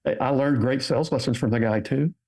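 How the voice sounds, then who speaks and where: An older man guests on a podcast and tells stories with lively energy. His voice sits in an average range, and he acts out the voices of the people in his stories. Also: mid-range voice, quick pace. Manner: animated storyteller, acts out quotes. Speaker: guest author. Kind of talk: interview storytelling.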